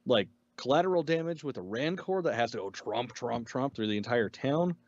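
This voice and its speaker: Lively-voiced man on dry, muffled audio. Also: medium pitch, brisk, no echo. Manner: laid-back, profane, agreeing. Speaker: podcast co-host. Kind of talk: casual review chat.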